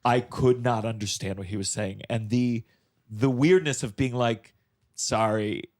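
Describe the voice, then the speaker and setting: A man's voice: mid-range voice, normal speed, a little mellow. Jokey male podcast host. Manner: teasing, jokey questions. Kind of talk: casual podcast chat.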